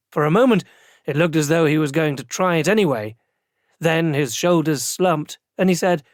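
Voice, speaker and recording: A man narrating a first-person fantasy audiobook in an even, dry storytelling manner. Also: on the high side, moderate pace, no echo.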